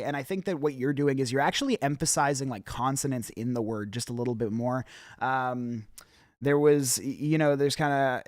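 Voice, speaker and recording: A man's voice: medium pitch, no room sound, clean studio sound. A young man hosting a rap feedback show, giving candid casual critique with frequent swearing and many ums and restarts.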